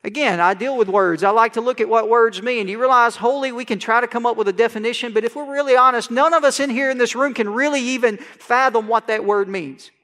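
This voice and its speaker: A male pastor preaching a sermon to a congregation, swinging from quiet conversational asides to loud, rising proclamation. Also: very high voice, fairly quick, few pauses. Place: church sanctuary. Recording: long church hall reverb.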